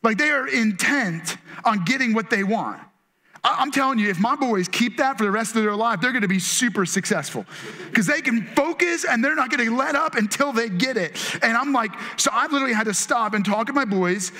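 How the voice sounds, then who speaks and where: Bright high-voiced male pastor preaching. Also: moderate pace. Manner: conversational, acts out quotes in changing voices. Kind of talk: sermon.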